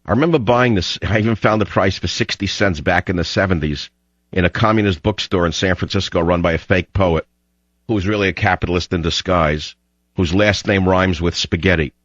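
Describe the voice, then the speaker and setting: A man's voice: deep voice, a little fast, a bit bright, no room sound. A man hosting talk radio, delivering an emphatic, fiery ranting monologue on dull lo-fi audio.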